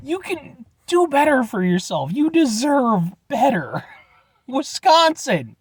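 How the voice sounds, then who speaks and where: A man's voice: very high-pitched, sing-song, takes it slowly, darkish tone, husky. A young man from Illinois giving a casual, blunt review with rambling restarts and casual swearing. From Illinois, USA. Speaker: vlogger reviewing root beer.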